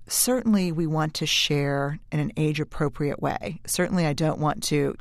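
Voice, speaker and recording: A woman in her forties with a low, gravelly voice shares a candid personal story as a researcher giving a talk. She confides in her listeners, sometimes racing ahead and sometimes slowing to a hush. The recording is dry and close. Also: dry recording. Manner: candid, confiding, shifts between brisk and slow hushed phrases.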